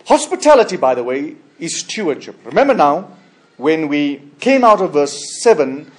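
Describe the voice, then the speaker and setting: A man preaching a sermon as a pastor, emphatic, with sudden loud high bursts, quiet trailing endings and frequent restarts. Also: big pitch swings, moderate pace. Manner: frequent restarts and repeated words. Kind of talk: expository sermon.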